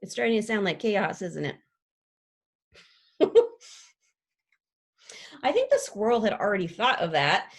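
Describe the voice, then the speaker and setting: Lady doing a chatty parrot who rhymes, breathy voice, bounces all over in pitch. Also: measured pace, long pauses. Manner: lively storytelling with playful rhymes and pitch leaps. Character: chatty, dramatic class pet parrot who writes rhymes. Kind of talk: children's book read aloud.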